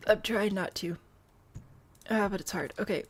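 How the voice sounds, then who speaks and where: A woman's voice: mid-range voice, moderate pace. A woman streamer chatting casually while she builds in a game, wry and self-deprecating, answering chat and hiccuping now and then. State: has the hiccups.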